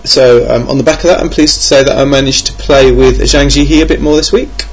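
Gravelly podcast host. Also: male voice, mid-range voice, steady tone, a little fast. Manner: rambling, self-mocking, many ums. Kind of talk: casual podcast monologue. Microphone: home computer mic.

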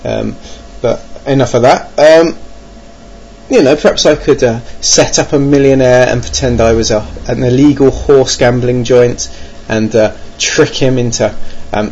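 In a medium-pitched, darkish voice, an Englishman who vlogs about board games rambles wryly about his gaming plans, mocking himself and hesitating with plenty of ums. A dull lo-fi recording with faint noise captures him.

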